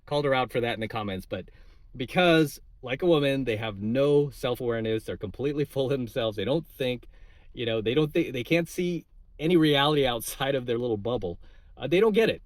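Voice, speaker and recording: A man's voice: mid-range voice, lively intonation, a little fast, no echo. Indignant man ranting, dry close sound. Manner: indignant, repeats "right?" and fills with "uh" and "like". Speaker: channel host giving coaching videos. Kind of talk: casual political rant to camera.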